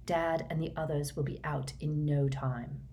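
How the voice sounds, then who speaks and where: Spiteful schoolboy bully read by a woman, low and hushed, menacing, slow and drawn out. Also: fairly even intonation.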